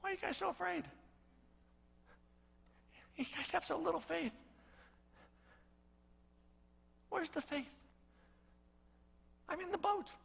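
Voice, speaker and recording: A man voicing a calm teacher who softly and with some amusement rebukes his frightened followers. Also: very high-pitched, unhurried, vocal fry, long pauses, long reverb tail, voice pushed up, exaggerated voice. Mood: gently chiding.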